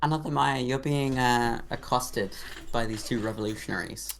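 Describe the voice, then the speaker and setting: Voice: mid-range voice, normal speed, vocal fry, crowd noise. A game master narrating a tabletop role-play game in a loose, rambling way.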